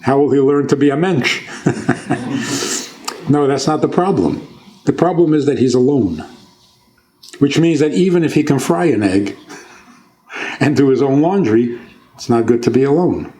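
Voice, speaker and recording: A man's voice: mid-range voice, normal speed, pauses often, mellow. A man who is a rabbi, giving an informal talk on scripture, asking his audience questions and joking along the way. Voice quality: conversational, asks the audience questions and jokes.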